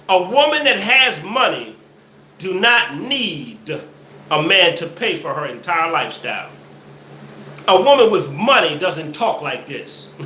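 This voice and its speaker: A man hosting a live show, reacting to clips with loud laughter and mocking commentary. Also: high-pitched. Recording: echoey room, faint noise.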